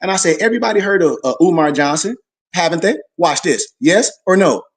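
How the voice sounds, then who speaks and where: A man's voice: sits high, animated, a little fast. A man leads a Sunday school class. He preaches emphatically and with animation, drawing call-and-response answers from his listeners.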